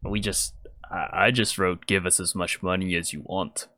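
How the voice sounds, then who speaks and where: A man's voice: deep voice, level tone, normal speed, pushed and bright, dry recording. A man voicing a dim-witted bandit rider who mumbles hesitantly, in a tabletop game. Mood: sheepish.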